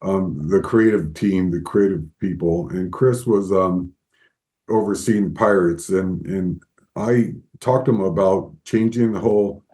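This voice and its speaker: A man guest in an interview, telling lively anecdotes and acting out the people he quotes. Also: low-pitched, a little slow. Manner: animated storyteller, acts out quoted voices. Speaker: guest, former Disney figure animator. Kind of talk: storytelling interview.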